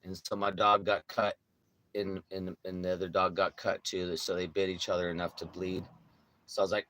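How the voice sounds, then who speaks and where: A man's voice: deep voice, flat delivery, normal speed, pushed and bright. A young man chatting casually in a vlog, telling rambling, profane stories outdoors. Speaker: vlogger. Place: outdoors on a city street with his dog.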